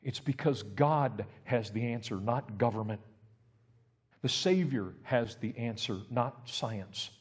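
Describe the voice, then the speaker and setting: A male pastor preaching a sermon, building from steady talk to loud, emphatic peaks. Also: medium pitch, slow, husky. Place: church sanctuary. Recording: reverberant church hall.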